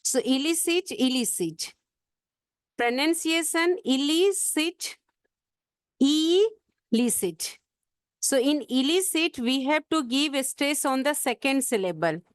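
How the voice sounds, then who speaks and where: High-voiced woman teaching English vocabulary. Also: animated, no echo. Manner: spells words letter by letter, slows down to stress pronunciation. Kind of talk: exam-prep vocabulary lesson.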